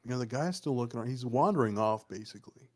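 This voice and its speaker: A man's voice: medium pitch, animated, quick pace. A man casually telling a folk story on a podcast, swearing often and rambling with lots of fillers. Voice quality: loose, profane, rambling with many fillers. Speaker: podcast co-host.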